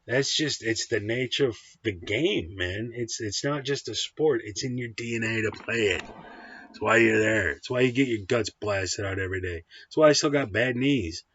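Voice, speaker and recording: A man's voice: on the low side, moderate pace, a bit bright, husky. A man giving a blunt, profane, combative film review in a casual ranting style. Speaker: movie reviewer. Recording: dull, dry lo-fi sound.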